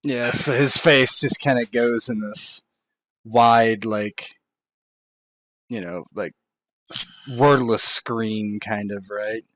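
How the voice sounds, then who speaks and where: A man's voice: on the low side, takes it slowly, long pauses, a bit bright, no room sound. A man narrating as game master in a tabletop role-play, hedging his descriptions with fillers.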